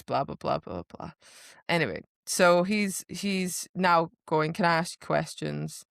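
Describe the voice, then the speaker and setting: A woman co-hosting a podcast, chatting casually about a book and acting out the characters' lines in quick asides. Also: on the low side, lively intonation, gravelly, smooth, no echo, studio quality. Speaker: podcast co-host.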